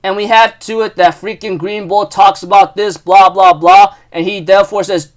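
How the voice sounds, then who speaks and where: A young man casually recapping a manga chapter, rambling with lots of fillers and restarts, getting excitable. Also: high voice, normal speed.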